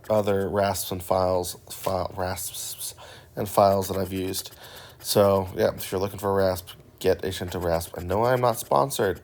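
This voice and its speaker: A man narrating a woodworking build in a relaxed, rambling voice-over, joking and poking fun at himself. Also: low voice. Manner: joking and self-deprecating; relaxed and rambling with filler words. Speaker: woodworking channel host.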